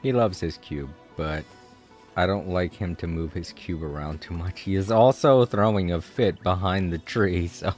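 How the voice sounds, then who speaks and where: A man streaming a video game, chatting casually with relaxed, rambling asides. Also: deep voice, normal speed, soft background music. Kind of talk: casual gameplay commentary.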